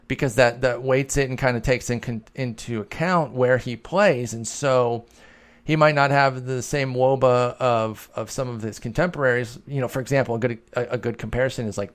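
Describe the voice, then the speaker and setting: A man hosting a podcast, answering listener questions in a chatty, analytical way and thinking aloud with fillers. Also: medium pitch. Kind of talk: casual chat.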